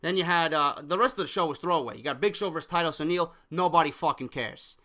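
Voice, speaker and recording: A man's voice: on the high side, fast talker, sharp tone. A young man giving a heated, profane solo review rant of a wrestling show, frustrated and venting.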